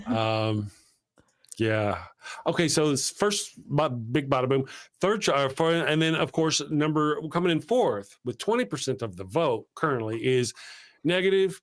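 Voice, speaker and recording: A man's voice: mid-range voice, expressive, a little slow. A man hosting a casual live chat, eagerly retelling movie scenes in a loose, rambling way. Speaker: show host.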